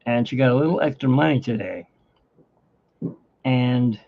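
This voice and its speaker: A middle-aged man with hiccups chatting casually at home while drawing, rambling and animated, his pitch jumping up when he gets excited. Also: a little slow. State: has hiccups. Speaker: artist and channel host. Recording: dull lo-fi home recording.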